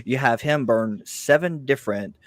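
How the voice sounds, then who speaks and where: A man's voice: mid-range voice, moderate pace, no room sound, clean studio sound. A male host in a call-in debate, pressing his argument and cutting in to challenge the caller.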